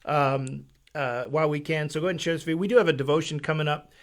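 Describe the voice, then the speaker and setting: Chatty man hosting a church webcast. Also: a little high. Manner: chatty, halting restarts, laughs easily. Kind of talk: casual live-stream chat.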